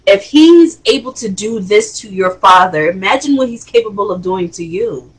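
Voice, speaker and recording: A woman hosting a casual reality TV review, chatty and expressive, with rising exclamations. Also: mid-range voice, moderate pace, breathy edge, poor audio. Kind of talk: casual commentary.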